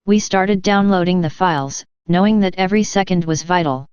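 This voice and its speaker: Low, smooth-voiced woman narrating a story. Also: a little fast, a little mellow, no echo. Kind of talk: scripted first-person story narration. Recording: dull lo-fi sound.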